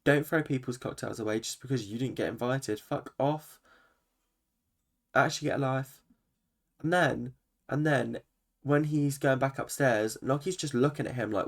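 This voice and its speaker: A man talks straight into his own channel, recapping the latest reality TV episode in a loose, ranting way. He is opinionated and animated, swears freely and jumps between asides, and his voice sits at an ordinary middle pitch for a man. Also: normal speed, creaky. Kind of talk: ranting reaction commentary.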